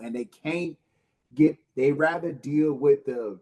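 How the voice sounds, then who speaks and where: A man's voice: mid-range voice, unhurried, dark tone. A male panelist, laid-back, swearing casually and stammering into his points.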